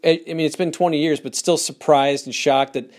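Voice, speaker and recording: A man's voice: on the high side, steady tone, brisk, a little mellow. A man hosting a casual interview, asking hesitant, rambling questions and restarting often.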